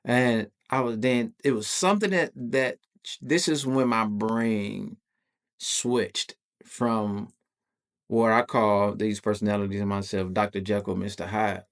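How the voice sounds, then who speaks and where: A man's voice: on the low side, steady tone, a little slow. A man hosting a podcast, telling a personal story in loose, slangy, profane conversational talk. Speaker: podcast host.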